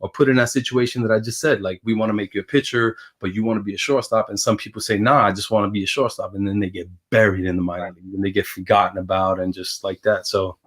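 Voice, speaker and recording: Lively New man telling stories. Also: lowish voice, fast, few pauses. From Brooklyn, New York. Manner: animated storyteller who acts out quoted voices. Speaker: guest, former baseball pitcher. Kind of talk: casual storytelling interview.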